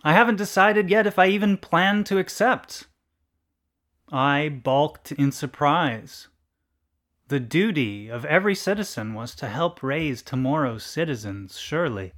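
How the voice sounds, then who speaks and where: A man reading a literary story aloud in a deliberate, deadpan narration. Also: fairly high pitch.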